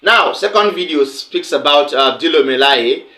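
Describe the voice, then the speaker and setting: A man runs through political news in a bright, forceful voice. He talks emphatically and keeps pressing pointed questions at his audience. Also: on the high side, animated, normal speed. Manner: emphatic, rising to indignant questions. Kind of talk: online news commentary.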